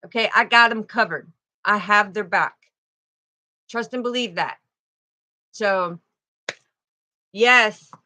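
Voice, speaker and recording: A woman's voice: mid-range voice, slow pace, long pauses, sharp tone, rough recording. A middle-aged woman, hosting a casual spiritual livestream, effusive and protective as she greets her viewers by name.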